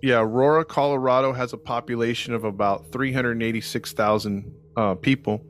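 Man at mid pitch, casual joking storyteller, lots of ums. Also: fairly even intonation, fairly quick. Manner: joking, conversational, hesitant with ums and restarts. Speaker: podcast narrator.

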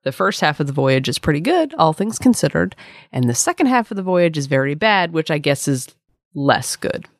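Female co-host, low and animated, sarcastic scripted comedy narration. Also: normal speed, no echo, clean studio sound. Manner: sarcastic, deadpan asides. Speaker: podcast co-host.

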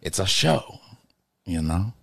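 A young man co-hosting a casual podcast, telling animated stories in quick bursts with lots of fillers. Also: low voice, vocal fry, breathy edge, dry recording. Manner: animated storyteller, fast bursts, filler-heavy. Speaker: podcast co-host. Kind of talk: casual chat.

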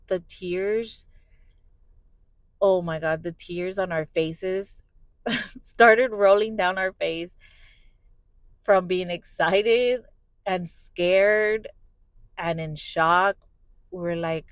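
Young woman podcaster, lowish voice, talks real candid and swears, acts out what everyone said, dry close mic. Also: drawn-out words, pauses often, no room sound, rough recording. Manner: candid, swears freely, acts out quoted dialogue. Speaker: podcast host. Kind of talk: personal storytelling.

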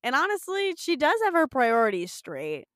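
A young woman co-hosting a podcast, recapping an episode in a casual, animated, profane way. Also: high-pitched, moderate pace, no room sound, studio quality. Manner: swears, animated storytelling with acted quotes. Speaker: podcast co-host.

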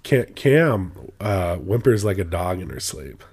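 Low male co-host, animated pitch, teasing, quick to laugh. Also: slightly rough. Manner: teasing, laughs often, lively interjections. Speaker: podcast co-host. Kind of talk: casual chat.

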